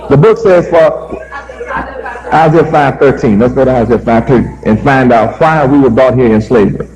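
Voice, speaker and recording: A man's voice: medium pitch, moderate pace, darkish tone, low-quality recording. A man preaching a sermon, emphatic and repetitive, firing rhetorical questions at his listeners.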